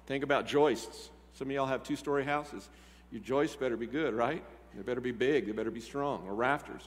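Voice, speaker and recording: A man who is a pastor, preaching a sermon in a conversational way and asking his congregation questions. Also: mid-range voice. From Texas. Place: church sanctuary. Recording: church hall reverb.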